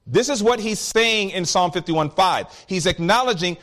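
A man's voice: high-pitched, big pitch swings, moderate pace, fairly bright tone. A man preaching a sermon, teaching through scripture in an emphatic, storytelling way.

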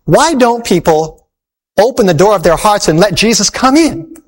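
A man voicing a curious, earnest little girl in a told story, asking slow, pleading questions. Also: sits high, animated, voice pushed up.

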